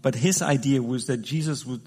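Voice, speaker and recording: A man's voice: medium pitch, moderate pace, darkish tone, husky. A man giving a conversational sermon, talking through the scripture with frequent restarts and fillers. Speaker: preacher. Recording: long hall reverb.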